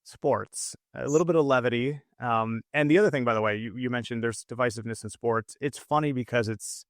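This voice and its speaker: A man's voice: mid-range voice, fairly quick, no room sound, clean studio sound. An American man co-hosting a podcast, chatting casually and rambling with lots of fillers and restarts. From United States. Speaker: podcast co-host. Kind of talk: casual chat.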